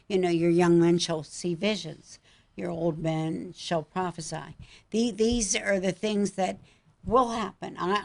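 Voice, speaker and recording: An older woman, a psychic guest on a talk show, speaking calmly and reassuringly about visions. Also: on the low side. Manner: calm, reassuring, tells emotional personal stories.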